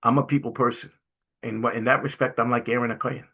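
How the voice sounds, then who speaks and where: A middle-aged man from Brooklyn, a jovial, animated guest speaker telling stories to a class and often clearing his throat. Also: mid-range voice, fast talker, phone-quality sound. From Brooklyn, New York. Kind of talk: storytelling talk to a class.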